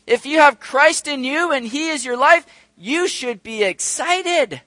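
Animated high-voiced preacher. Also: male voice, measured pace, no room sound. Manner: animated, acts out quoted voices, addresses congregation directly. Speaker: pastor. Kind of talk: sermon.

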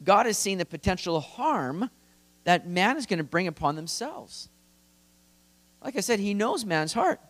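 A man preaching a sermon in an earnest manner, rising to emphatic peaks and dropping low and quiet. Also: sing-song, a little slow.

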